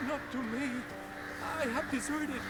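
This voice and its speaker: High pleading army deserter. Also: male voice, fairly even intonation, unhurried. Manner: pleading, formal old-fashioned speech. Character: desperate male army deserter begging for life. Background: game music.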